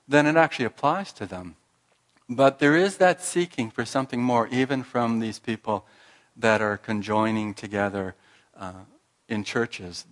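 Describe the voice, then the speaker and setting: Guy preaching a calm reflective sermon, lowish voice, lots of pauses. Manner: slow, reflective, with many pauses and restarts. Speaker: speaker giving a sermon.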